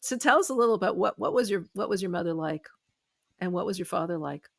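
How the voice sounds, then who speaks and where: A woman hosts a conversational interview, keeping in close with quick affirmations and probing questions. Her voice sits low with a gravelly edge, in a dry, close recording. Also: expressive, no room sound. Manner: engaged listener with frequent affirmations. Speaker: podcast host, interviewer.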